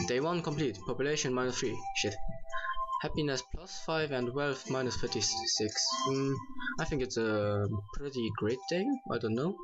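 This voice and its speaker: A man's voice: mid-range voice, moderate pace. A man casually commentating a game he plays, reading its characters aloud in shifting voices with offhand jokes. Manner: jokey, offhand. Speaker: gaming YouTuber. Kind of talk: casual let's play commentary. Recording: dull lo-fi mic with faint game music.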